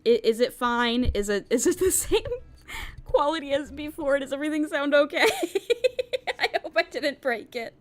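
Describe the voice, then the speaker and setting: A woman streaming a game into a desk microphone, excitable and giggly, rambling with many restarts. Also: high voice, moderate pace. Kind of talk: casual game let's-play.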